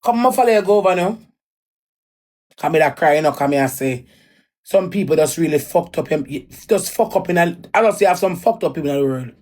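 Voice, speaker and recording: Woman with a Jamaican accent venting on a livestream; raw, repetitive, a touch low-voiced. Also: lively intonation, fairly quick, darkish tone. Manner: raw, emphatic, repeats lines. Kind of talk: emotional personal story, ranting.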